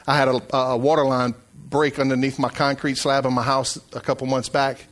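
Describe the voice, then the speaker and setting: A middle-aged man preaching a sermon as pastor, swinging from hushed asides to loud, shouted calls. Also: mid-range voice, level tone, normal speed.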